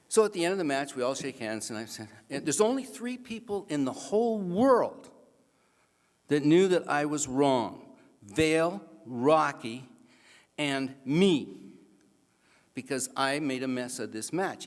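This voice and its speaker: Guy telling a funny story at an awards dinner, kinda high voice, big reverb from the hall. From Canada. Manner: animated, self-mocking anecdote with acted-out voices. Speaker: awards speaker. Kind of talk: comic storytelling speech. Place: banquet hall.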